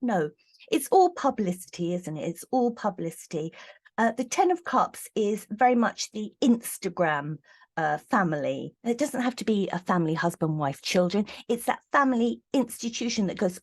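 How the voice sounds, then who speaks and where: A woman's voice: mid-range voice, expressive, normal speed, darkish tone. A middle-aged woman giving a casual, indignant tarot reading with sarcastic asides. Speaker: tarot reader.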